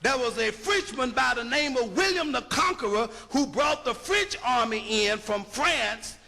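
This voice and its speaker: A man's voice: very high-pitched, animated, a little slow, vocal fry, sharp tone, faint music behind. A man giving an emphatic, rhetorical lecture, punching his points and checking that listeners follow. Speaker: linguistics lecturer. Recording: long hall reverb.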